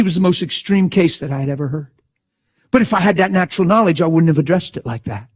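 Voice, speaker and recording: A middle-aged man preaching a sermon, telling a story with dramatic swings from hushed tones to loud outbursts. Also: fairly high pitch, expressive, quick pace.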